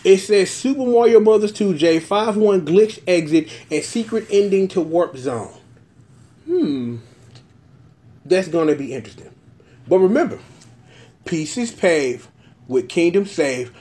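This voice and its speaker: A man's voice: sits high, expressive, measured pace, mellow. A man hosting a casual episode-review vlog, joking and breaking into voices as he talks. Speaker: show host reviewing a TV episode.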